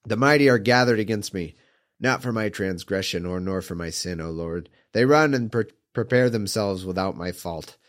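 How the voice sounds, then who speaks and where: At a moderate pace, a man with a fairly low, slightly hoarse voice works through old scripture, breaking away into sarcastic, incredulous commentary.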